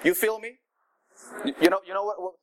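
A man preaching a sermon in a conversational, animated way, with asides to the congregation. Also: high voice, brisk, poor audio.

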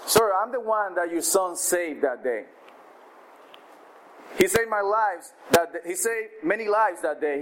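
A man's voice: sits high, expressive, a little slow, a bit bright, a little hiss or hum, low-quality recording. A man preaching, telling a story and then leading a prayer, often restarting his words. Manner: storytelling, rising to raised voice for auctioneer calls. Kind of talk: sermon illustration and prayer.

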